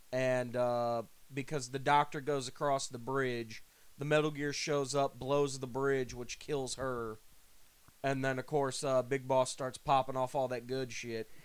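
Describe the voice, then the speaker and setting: A man's voice: mid-range voice, clean tone. A man co-hosting a podcast, recapping a game plot in laid-back chat with casual swearing. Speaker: podcast co-host.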